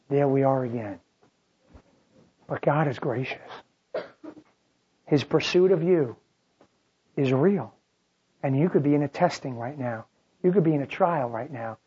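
A preacher delivering a sermon, shifting between loud, dramatic outbursts and quiet, drawn-out phrases. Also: medium pitch, husky, muffled recording.

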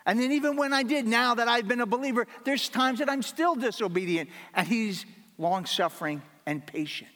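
A man with a notably high voice delivers a sermon from the pulpit. He speaks earnestly and repeats his key lines for emphasis. His voice carries a long reverb, as if filling a large church hall. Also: sharp tone. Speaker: pastor.

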